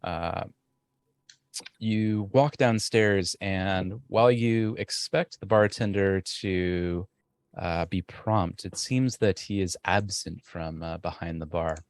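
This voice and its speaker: A man narrating a tabletop game as game master in an unhurried way with frequent fillers. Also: low-pitched.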